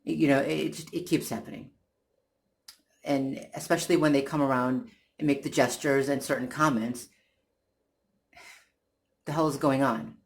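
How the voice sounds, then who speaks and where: A vlogger telling a personal story in a casual, halting way, with frequent restarts and repeated words, sounding irritated and exasperated. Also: mid-range voice, fairly even intonation. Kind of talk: casual first-person account.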